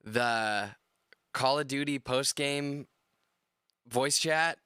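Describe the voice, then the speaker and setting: Rambling man, bright and clear. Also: mid-range voice, very slow, no room sound, studio quality. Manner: rambling, heavy on fillers and swearing. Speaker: podcast panelist. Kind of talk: casual gaming chat.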